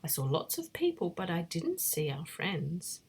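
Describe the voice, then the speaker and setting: A woman voicing a small, eager, excited male teddy bear in a breathy whispered role-play. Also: lowish voice, a little slow, exaggerated voice. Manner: bright and eager.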